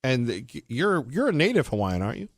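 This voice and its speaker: A man's voice: medium pitch, wildly swooping pitch, fairly quick, dry recording, clean studio sound. A male talk radio host, joking and dropping sarcastic asides.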